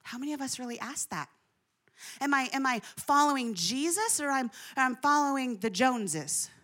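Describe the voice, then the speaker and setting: Bright high-voiced woman preaching. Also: normal speed. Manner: animated, humorous storytelling with asides to the audience. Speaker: pastor. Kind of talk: sermon with personal stories.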